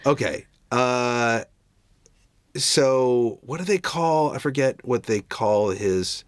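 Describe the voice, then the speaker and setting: A man's voice: medium pitch, takes it slowly, smooth, no echo, clean studio sound. A man co-hosting a podcast, chatting casually about a movie in a rambling, self-interrupting, wry way. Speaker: podcast co-host.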